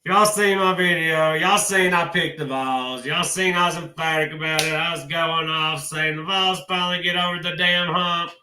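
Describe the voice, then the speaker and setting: A man's voice: fairly high pitch, steady tone, normal speed, few pauses, sharp tone, echoey room. A man doing a casual sports vlog, talking emotionally and in a folksy way to his viewers. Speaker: college football commentator.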